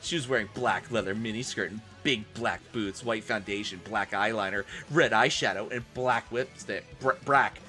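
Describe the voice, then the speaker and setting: Male streamer, mock-dramatic reading, crisp bright tone, wry asides. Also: on the low side, moderate pace, hardly any pauses, faint music behind.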